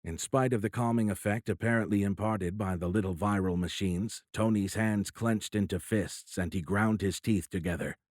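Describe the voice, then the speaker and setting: A man narrating a sci-fi audiobook in a steady, measured storytelling manner. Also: lowish voice, no room sound, clean studio sound. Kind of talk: scripted narration.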